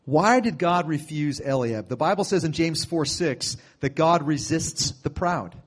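Male preacher, slightly high voice, casual storytelling sermon, sudden loud outbursts. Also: animated, a little slow.

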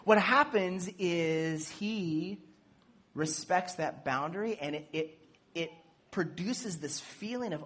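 A man preaching a sermon in a casual, animated way, acting out bits of dialogue and making playful asides. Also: sits high, slow. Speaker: pastor.

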